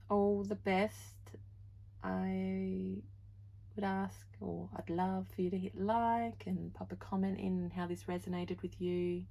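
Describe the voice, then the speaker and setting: A woman's voice: mid-range voice, vocal fry, a little mellow, rough recording. A woman giving a pick-a-card tarot reading, gushing and heartfelt, full of "like" and "you know", moved close to tears. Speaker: tarot reader.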